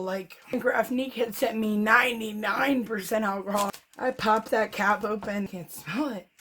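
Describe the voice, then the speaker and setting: A woman's voice: medium pitch, a bit bright. Chatty laughing woman telling a story. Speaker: vlogger, fluid art painter. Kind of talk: casual storytelling to camera.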